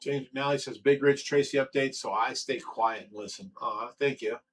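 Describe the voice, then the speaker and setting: A man's voice: mid-range voice, fairly even intonation, normal speed, breathy edge, low-quality recording. A man hosting a casual livestream, reading viewer comments aloud and answering them in an earnest, emotional way. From Ohio. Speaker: livestream host reading chat.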